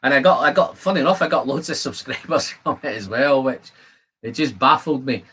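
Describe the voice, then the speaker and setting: A man's voice: mid-range voice, brisk, a bit bright, breathy edge. A man hosting a whisky live stream from a home studio, chatting in a rambling, self-deprecating way. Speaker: whisky channel host. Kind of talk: casual live-stream chat.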